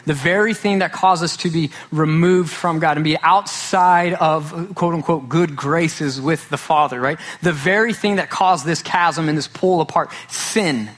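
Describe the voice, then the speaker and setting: A man's voice: on the high side, a bit bright. A male pastor preaching a sermon, emphatic and repeating key phrases for weight.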